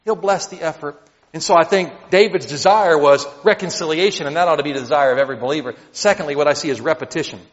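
A man preaching a sermon, reading scripture aloud and explaining it with animated emphasis that sometimes builds to near shouting. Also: a little high, quick pace, few pauses. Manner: animated, rising to near shouts at emotional peaks. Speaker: pastor. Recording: dull audio in a hall with long reverb.

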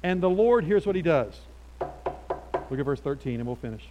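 A middle-aged man preaching with a voice pitched a little high for a man. He moves between soft, confiding asides and sudden loud, animated stretches. His delivery is conversational, full of restarts and personal stories. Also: moderate pace, lo-fi sound, background noise. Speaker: pastor. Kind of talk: sermon.

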